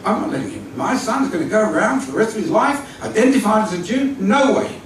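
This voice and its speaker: A man voicing a furious, stubborn middle-aged father who shouts in a high, raised voice, recorded from a distance in an echoey hall. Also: animated, fast, slight background noise. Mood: angry.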